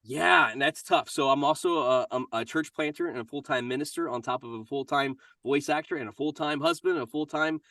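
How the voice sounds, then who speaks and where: A man's voice: medium pitch, fairly quick, hardly any pauses, sharp tone, no room sound, clean studio sound, recorded from a distance. A middle-aged man, a voice actor and minister, talking casually and energetically in an interview.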